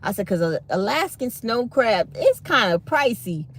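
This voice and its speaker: A woman's voice: fairly high pitch, moderate pace, a little hiss or hum. A middle-aged woman tells a story to her live-stream viewers in a casual, chatty way. She acts out both sides of a conversation with plenty of life. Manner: chatty, animated retelling of dialogue, reads chat aloud.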